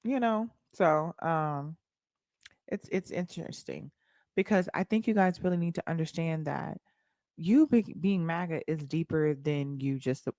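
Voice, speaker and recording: Unhurried and dark in tone, this young woman's voice sits low as she runs a laid-back livestream and fires sassy replies back at her chat. She has an African American Vernacular English accent, and the recording is dry and studio-grade.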